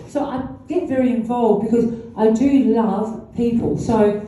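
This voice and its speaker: Recorded from afar in an echoey room, an older woman's voice sits on the high side, dark in tone, at a moderate pace. As a guest speaker at a launch event, she rambles chattily and laughs between her asides.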